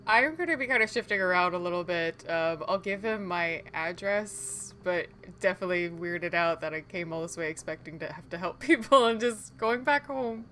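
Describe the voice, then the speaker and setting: Hesitant low-voiced woman player. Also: lively intonation, normal speed, hardly any pauses, a bit bright, slight background noise. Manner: hesitant, hedging with fillers. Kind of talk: tabletop role-play chat.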